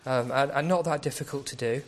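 A man's voice: mid-range voice, a little fast. A man preaching a sermon as a pastor, speaking conversationally and often asking rhetorical questions.

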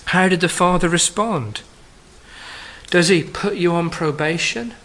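A man preaching a sermon to a congregation, addressing them as friends, rising for emphasis and dropping soft and low on key phrases. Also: a little slow, low-quality recording.

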